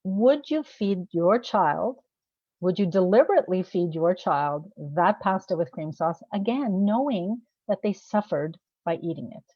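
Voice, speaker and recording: Woman coach, lowish voice, chatty to-camera vlog, asks listeners direct questions, dull dry sound. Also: lively intonation, measured pace, no echo. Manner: conversational, asks rhetorical questions; laughs at herself. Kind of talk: casual to-camera talk.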